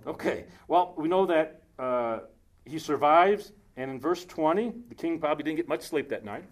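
A man preaching a casual sermon, reading scripture aloud slowly and breaking off into joking asides. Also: a little high, lively intonation.

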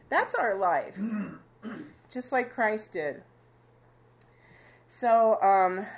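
A woman teaches scripture to her small fellowship in a relaxed, chatty way. Her voice sits high, and she often breaks into laughter with the group. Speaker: Bible study leader.

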